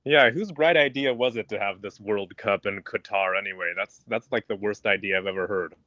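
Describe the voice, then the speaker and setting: A man calling in to a sports show with a lowish voice that has a bright, forceful edge. He chats casually and grumbles his opinions. The call comes through lo-fi and dull. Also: a little fast. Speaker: caller. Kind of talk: casual phone-in chat.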